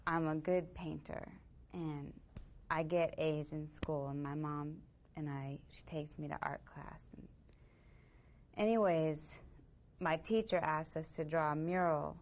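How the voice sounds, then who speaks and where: A defensive teenage girl, voiced by an actress explains herself in a mediation role-play, halting and earnest. Her voice is low for a woman and her pace is slow and unhurried. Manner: halting, earnest, full of fillers. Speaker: young offender in mediation.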